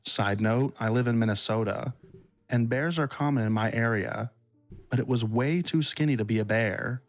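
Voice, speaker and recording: A man hosting a podcast who reads a listener's horror story aloud at a measured, unhurried pace and then chats casually with guests. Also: medium pitch, faint music behind. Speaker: podcast host.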